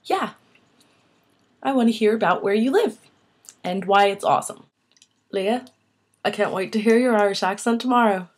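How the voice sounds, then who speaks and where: A woman's voice: medium pitch, lively intonation, normal speed, pauses often, husky. A young woman talking casually to viewers in a vlog, enthusiastic and asking them questions. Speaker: vlogger.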